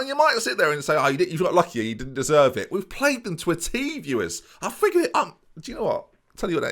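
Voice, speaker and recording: A man doing excitable let's play commentary, talking straight to his viewers with mock-boastful swagger. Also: medium pitch. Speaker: gaming YouTuber.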